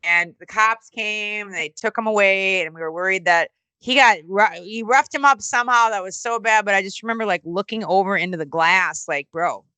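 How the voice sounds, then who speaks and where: A middle-aged woman telling stories in a casual interview, animated and swearing, acting out quotes in other voices. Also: moderate pace, clear, resonant tone, no echo, poor audio. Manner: animated, swearing, acts out quotes with big pitch jumps. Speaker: interview guest, former wrestling announcer and musician. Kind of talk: casual storytelling.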